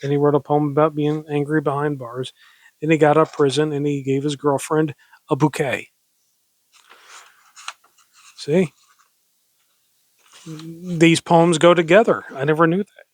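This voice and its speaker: Guy reading old poems at home, bit high voice, dry close sound, rambly asides and growly arr bits. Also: little pitch movement, dry recording. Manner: rambling, self-directing, chatty between poems; slow, dramatic recitation with mock pirate growls. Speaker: poetry reader. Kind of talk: casual poetry reading with asides.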